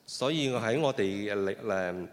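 A man's voice: lowish voice, lively intonation, normal speed. Hesitant male interpreter in a reverberant hall. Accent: Cantonese. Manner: hesitant, with frequent fillers and restarts. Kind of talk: consecutive sermon interpretation. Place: church hall.

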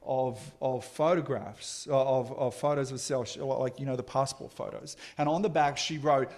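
A man preaching a sermon, telling a story with halting restarts and emphatic turns. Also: medium pitch, steady tone, a little mellow.

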